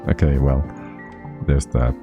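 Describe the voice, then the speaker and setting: A man's voice: very deep voice, level tone, slow, phone-quality sound, music in the background. A man giving casual, chatty livestream commentary on a game, thinking aloud and laughing often. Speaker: streamer.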